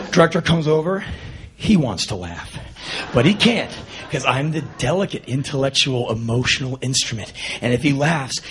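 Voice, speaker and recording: A man with a slightly raised voice tells a comic story, animated and self-mocking, with deadpan punch lines. There is a faint hiss under his voice. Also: a little high. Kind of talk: spoken-word comic storytelling.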